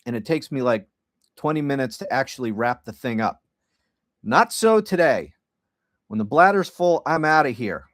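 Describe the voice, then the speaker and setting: A man's voice: medium pitch, no echo, studio quality. A middle-aged man hosting a podcast livestream, talking casually in a rambling, sardonic and profane way. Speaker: podcast host.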